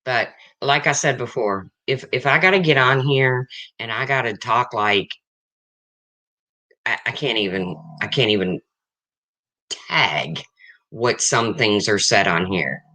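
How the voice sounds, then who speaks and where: An unhurried livestream host in their fifties, with a bright, forceful, mid-range voice, leaves long pauses while casually answering chat viewers. They are blunt and frank and tend to repeat points.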